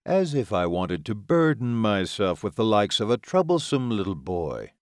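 A man voicing a slow, snarling vampire. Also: lowish voice, big pitch swings, no room sound, studio quality. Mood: smug. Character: cold ruthless male vampire, ugly and powerful.

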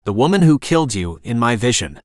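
A sharp-tongued psychic woman, read by a man in a storybook. Her talk is brisk and exasperated, with a mid-pitched voice. The read is dry and close, with no room around it. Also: big pitch swings, no echo, lightly acted. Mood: impatient. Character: female psychic, blunt, impatient.

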